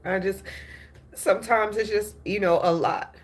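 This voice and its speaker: A woman's voice: medium pitch, steady tone, unhurried, a little hiss or hum. A woman hosting a news and gossip show, giving emotional political commentary, upset and apologetic, restarting her sentences often.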